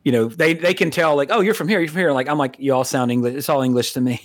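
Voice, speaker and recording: A man's voice: mid-range voice, quick pace, no room sound, clean studio sound. An American man co-hosting a podcast in a casual, rambling, profane way, laughing often. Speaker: podcast co-host.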